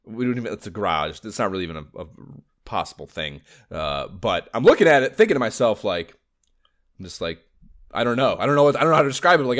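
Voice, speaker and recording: A man co-hosting a podcast, chatting casually about games, excitable, swearing a lot and laughing often. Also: medium pitch. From Los Angeles area. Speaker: podcast co-host.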